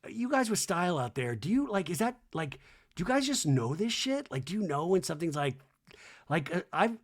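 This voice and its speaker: A man hosting a casual recap podcast, rambling through the story with lots of fillers. He tosses in wry asides, and his speaking voice sits a touch high for a man. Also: big pitch swings, fairly quick. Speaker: podcast host.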